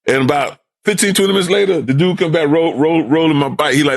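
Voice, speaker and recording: The host's father, an older man from Brooklyn, New York, tells stories as a podcast guest in easygoing conversation. He talks fast in a slightly high voice with hardly any pauses, often repeating words and putting on voices for those he quotes.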